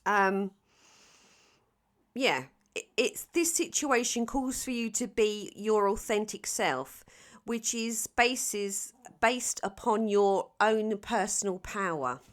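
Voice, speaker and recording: A woman's voice: medium pitch, slow. A woman from London with a South London Cockney accent, giving a chatty, playful tarot reading full of ums and restarts. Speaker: tarot reader. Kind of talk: casual tarot reading to camera.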